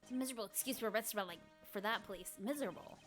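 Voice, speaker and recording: A woman voicing a grouchy, scolding old man as she reads video game dialogue aloud in a gruff, indignant rant. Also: medium pitch, rapid-fire, a bit bright, soft background music, close to an everyday voice. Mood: grumbling.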